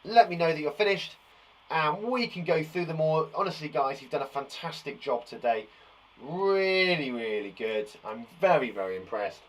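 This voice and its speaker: In an online phonics lesson for little kids, this man uses a fairly high, animated voice at a moderate pace. Playful and cheerful, he sings, cracks jokes, and praises the children frequently.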